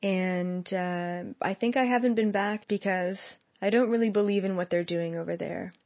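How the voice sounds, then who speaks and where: A young woman who works as a psychic speaks to her viewers in a personal monologue, earnest and somewhat rambling, with plenty of fillers. Her voice is medium-pitched at a normal speed, and the recording sounds dry and slightly muffled with no room sound.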